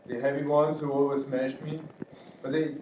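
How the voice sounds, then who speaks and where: A man at a workshop sharing his experience in casual, halting speech with restarts. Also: on the high side, flat delivery. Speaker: workshop participant. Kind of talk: casual chat. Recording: roomy training hall with background noise.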